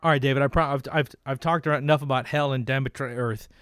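A man's voice: medium pitch, fairly even intonation, quick pace, a bit bright, no echo. A man co-hosting a casual podcast, telling stories animatedly with laughs and swearing. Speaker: podcast co-host. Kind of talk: casual chat.

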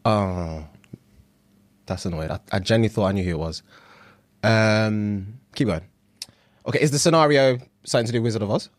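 A young man, co-hosting a podcast in casual chat, animated and swearing often, repeating words when stuck. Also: on the low side, brisk, pauses often. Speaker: podcast co-host.

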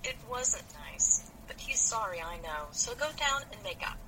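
A woman reading aloud as a lively teenage girl who soothes and coaxes a friend. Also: a little high, measured pace, background noise, pitched above the performer's own voice. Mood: coaxing. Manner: soothing, coaxing.

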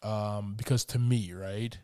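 A man's voice: on the low side, fairly even intonation, takes it slowly, warm tone, no echo. Laid-back man chatting, dry close sound. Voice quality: laid-back, says "man" a lot, many fillers. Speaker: movie review podcast co-host. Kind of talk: casual chat.

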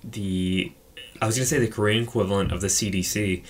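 A man's voice: on the low side, steady tone, a little fast. A man co-hosting a casual film podcast, chatty, swearing, acting out characters' lines. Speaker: podcast co-host.

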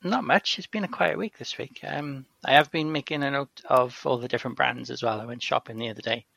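A young man co-hosting a podcast, laid-back and quick to laugh along. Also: mid-range voice, gravelly, sharp tone, lo-fi sound. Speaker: podcast co-host. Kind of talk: casual chat.

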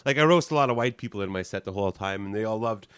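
A man's voice: on the low side, very fast, clear, resonant tone, no echo. A man who does stand-up, telling a story in a casual chat, laughing often, restarting his sentences and mimicking other people's voices. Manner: animated, laughs often while telling an anecdote; rambling with many restarts and "like" fillers. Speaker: stand-up comedian.

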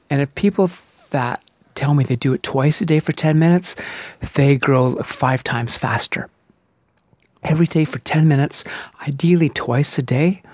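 A man leads a breathing lesson, counting each breath at an unhurried, deliberate pace in a mid-pitched voice. He talks in a calm, reassuring way, and the sound is close and dry, with no room around it. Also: dry recording. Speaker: breathing and voice coach.

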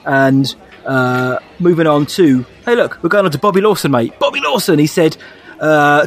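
A man on a casual fan podcast, quick to laugh and tease his co-host while reading listener questions. His voice sits a little high for a man. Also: expressive. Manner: jokey, laughs often, reads listener questions.

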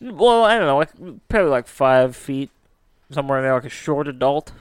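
Podcast host, male, chatty narrator with a resonant voice in a dead-quiet room. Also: mid-range voice, lively intonation, brisk, clean tone, dry recording. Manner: chatty, lots of filler "like". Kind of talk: casual storytelling.

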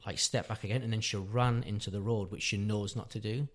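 A man's voice: lowish voice, fairly even intonation, a little fast. A man, around his thirties, telling a long personal story in casual chat, rambling and correcting himself as he goes. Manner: rambling, self-correcting, earnest. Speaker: podcast guest, father.

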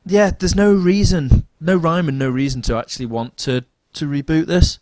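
Enthusiastic, swearing podcast co-host. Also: male voice, fairly high pitch, fairly even intonation, moderate pace, darkish tone, no room sound. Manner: enthusiastic, swears freely, repeats words. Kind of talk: casual chat.

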